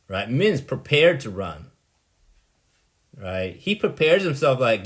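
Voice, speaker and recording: A man's voice: medium pitch, big pitch swings, slow pace. A man delivering a rambling, blunt monologue, dismissive and exasperated, often tagging "right?" onto his points. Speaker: vlogger.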